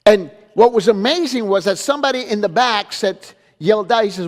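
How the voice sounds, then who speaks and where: A man's voice: high voice, fairly quick. A man, a pastor, giving a teaching lecture in an emphatic style, repeating phrases and asking "okay?" to drive points home. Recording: long reverb of a hall.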